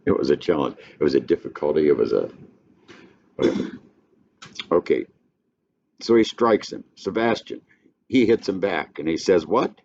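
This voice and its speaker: An older man lecturing a class on a play in a folksy, halting way, with frequent restarts. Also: rumbling low, creaky, a little mellow. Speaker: literature teacher. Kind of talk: classroom lecture with read-aloud passages. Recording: dull lo-fi classroom recording with faint noise.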